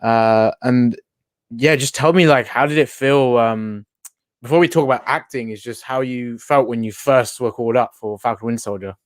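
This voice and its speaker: A man's voice: mid-range voice, moderate pace, dry recording, studio quality. A man hosting a casual online interview, upbeat and chatty, often laughing. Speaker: host. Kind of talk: casual video-call interview.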